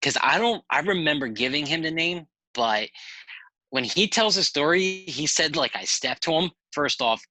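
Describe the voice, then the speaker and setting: A man's voice: on the high side, animated, normal speed, pushed and bright, no room sound, rough recording. A man telling stories as a podcast guest in a rambling, laid-back way, swearing casually. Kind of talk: casual storytelling chat.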